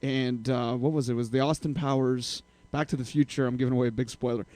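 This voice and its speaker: A man hosting a casual internet radio show, loud, joking and laughing often as he banters in a studio. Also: mid-range voice, steady tone, fast talker, dry recording.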